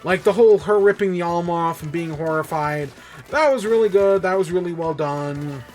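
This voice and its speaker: Male podcast host, higher-pitched, enthusiastic rambling recap style, casual swearing, faint background music. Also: moderate pace. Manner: excited, rambling, swears freely.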